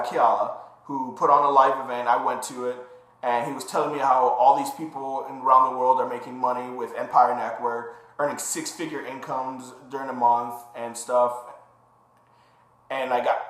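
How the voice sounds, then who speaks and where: A young man casually telling his personal story to the camera, acting out the lines of the people in it. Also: medium pitch. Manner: animated retelling, acting out quoted dialogue. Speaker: vlogger. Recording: roomy echo.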